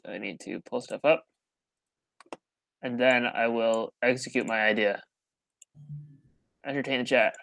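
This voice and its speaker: A man with a bright, sharp voice hosts a livestream call, cracking teasing jokes at his guest while he fiddles with the settings. His pitch is ordinary. The sound is dry and close to the mic. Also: steady tone, measured pace, gravelly, pauses often, dry recording. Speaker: livestream host. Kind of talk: casual chat over a voice call.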